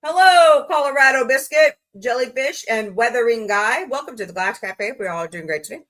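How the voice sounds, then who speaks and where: A woman's voice: on the high side, expressive, normal speed, fairly bright tone. A woman from Missouri hosting a casual live stream, chatty and rambling with frank asides to her viewers. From Missouri, USA. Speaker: livestream host.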